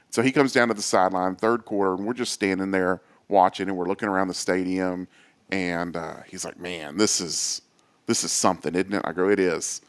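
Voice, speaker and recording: A man, a guest on a talk show, telling lively stories with many quoted voices and fillers. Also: deep voice, smooth. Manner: animated storyteller, acts out quoted voices. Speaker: associate athletic director, guest. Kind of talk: casual storytelling interview.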